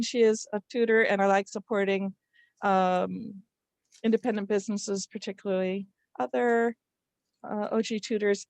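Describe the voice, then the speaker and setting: Woman instructor, fairly high voice, dry close sound, explains and models stressed syllables for teachers. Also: no echo. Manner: explanatory, demonstrates word stress aloud. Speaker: literacy instructor leading a workshop. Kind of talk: live online workshop teaching.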